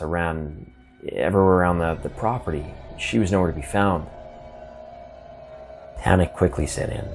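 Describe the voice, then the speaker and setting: A man telling a first-person ghost story in a halting, earnest way, often repeating words as he gets emotional. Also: sits low.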